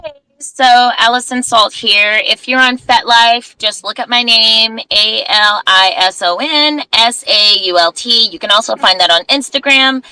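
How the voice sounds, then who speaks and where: Bright-voiced woman co-host, playful and wry, dry close mic. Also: a little high, a little slow, clean tone, dry recording, low-quality recording. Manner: playful, comic bits. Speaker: podcast co-host. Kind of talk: casual podcast chat.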